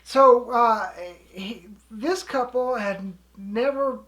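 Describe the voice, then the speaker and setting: A woman's voice: on the high side, takes it slowly, fairly bright tone. A woman casually telling a story in a chatty, rambling way, with frequent restarts. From living in Alaska. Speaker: co-host.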